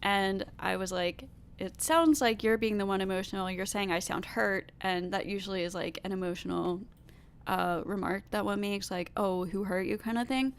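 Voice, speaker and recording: A woman with a stuffy nose reading viewer comments aloud and giving her own measured replies, with fillers and pauses. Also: mid-range voice, clean tone. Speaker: commentary video host.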